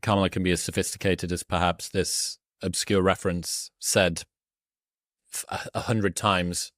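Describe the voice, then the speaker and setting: Deep-voiced man musing aloud. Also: steady tone, moderate pace, fairly bright tone, no echo, studio quality. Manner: musing, searching for words. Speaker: podcast host. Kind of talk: conversational podcast interview.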